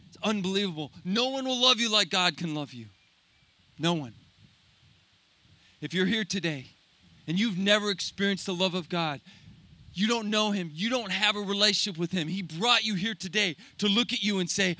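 A man preaching a sermon, impassioned at times and dropping to soft, slow, intimate tones on key phrases. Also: high-pitched. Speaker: pastor.

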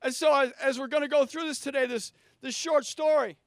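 A man preaching a sermon to a large church, swinging from quiet prayer to shouted lines. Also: extremely high pitch, steady tone, brisk, dry recording, clean studio sound. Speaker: pastor. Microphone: handheld microphone.

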